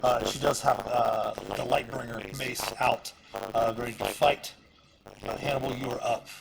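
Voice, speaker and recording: Gravelly man running a tabletop game. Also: medium pitch, fairly even intonation, normal speed, poor audio. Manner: casual, filler-heavy rules narration. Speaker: dungeon master.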